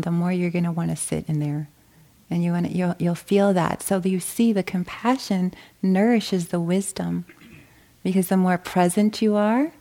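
A woman meditation teacher giving a gentle dharma talk, often checking in with a soft "right?". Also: fairly low pitch.

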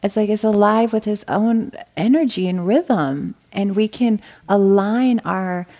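Gentle woman giving a meditation talk. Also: mid-range voice, a little slow. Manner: gentle, warm, often asks "right?". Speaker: meditation teacher. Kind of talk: dharma talk.

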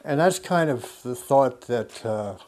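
A man shares a personal story with a listening group in a reflective spoken talk. He muses aloud, restarting and correcting himself as he goes, and breaks into soft laughs now and then. His voice sits at an ordinary middle pitch for a man. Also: animated. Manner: halting and self-correcting, with frequent soft laughs; musing and conversational.

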